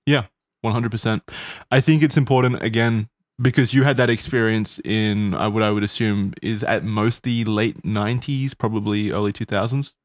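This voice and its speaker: A man's voice: fairly low pitch, steady tone, moderate pace, no echo. Laid-back young man, dry close sound. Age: 20s. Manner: laid-back, rambling with frequent fillers and laughs. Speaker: podcast co-host. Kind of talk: casual chat.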